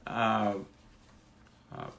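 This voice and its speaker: A man's voice: extremely slow, a bit bright. A middle-aged man whose first language is Spanish, speaking English with a Spanish accent as he hosts a livestream. He delivers a fervent political monologue, often restarting his sentences. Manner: fervent, speechifying, frequent restarts. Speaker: livestream host.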